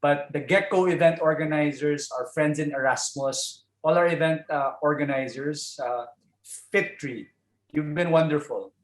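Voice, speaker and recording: A man's voice: fairly high pitch, normal speed. Chatty Filipino man, echoey call. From Philippines. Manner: chatty, warm asides, frequent fillers and tag "no?". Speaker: keynote speaker. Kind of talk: informal keynote speech over a video call. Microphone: video call.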